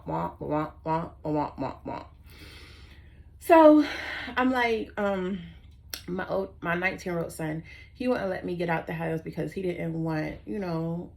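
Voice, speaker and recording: Woman in her forties, casual vlog storyteller: rambling, sassy, low and gravelly. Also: a little mellow, slight background noise. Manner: rambling, sassy, easily sidetracked. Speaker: vlogger.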